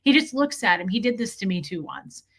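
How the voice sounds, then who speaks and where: A woman with a bright, forceful voice hosts a livestream and tells a candid personal story. She talks in an animated, unpolished way and stops now and then to greet people in the chat. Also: medium pitch, fairly quick. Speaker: livestream host.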